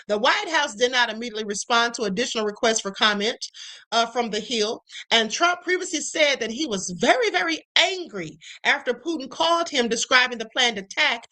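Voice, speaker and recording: A woman hosts a casual live stream. She reads the news aloud and breaks in with sassy, chatty remarks. Her voice is bright and sits a little high.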